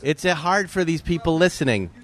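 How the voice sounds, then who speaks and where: A man's voice: a little high, animated, a little fast, a bit bright. A man co-hosting a casual talk show, trading jokes and teasing banter. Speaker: podcast co-host. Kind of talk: casual chat.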